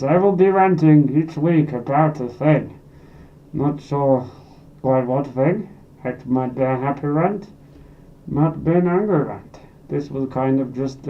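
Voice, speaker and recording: A man voicing a silly, excitable male goblin, ranting to camera in a comedy character vlog with sudden loud outbursts. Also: medium pitch, far from the mic, close to an everyday voice. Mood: chatty. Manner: erratic comic rant with sudden loud outbursts. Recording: dull lo-fi sound a bit off mic.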